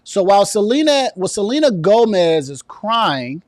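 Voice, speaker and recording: A man rants through a political commentary with a high-pitched voice. The sound is dry and close, with no room around it. He is indignant and sarcastic, piling one point onto the next. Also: very animated, moderate pace, no room sound. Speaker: commentary vlogger.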